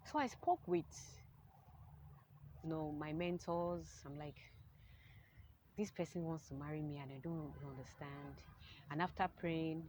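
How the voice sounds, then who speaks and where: A woman's voice: deep voice, a little mellow, a little hiss or hum. A woman giving an earnest personal testimony, turning emphatic as she offers advice to single people. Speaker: testimony speaker.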